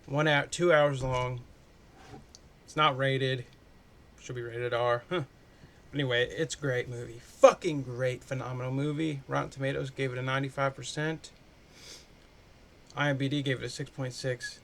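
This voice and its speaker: A man's voice: medium pitch, steady tone, normal speed, vocal fry, fairly bright tone. A man doing a casual, chatty movie review, loose and full of swearing.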